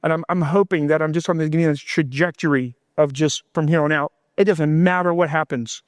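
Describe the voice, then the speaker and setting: High-pitched man preaching with fervor. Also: steady tone, brisk, no echo, studio quality. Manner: impassioned preaching, voicing God and himself in quotes. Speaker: pastor. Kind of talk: sermon.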